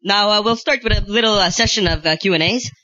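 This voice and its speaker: A man's voice: high voice, quick pace, pushed and bright, no echo. A man playing a hesitant, shameless tobacco spokesman at a mock press conference. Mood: smug. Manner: hesitant, full of uh's. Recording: dull, dry, lo-fi sound.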